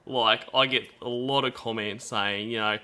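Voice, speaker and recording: Hosting a stream, an Australian man chats through casual commentary, putting himself down and restarting often. His medium-pitched voice is bright and forceful, with fairly even intonation and a moderate pace.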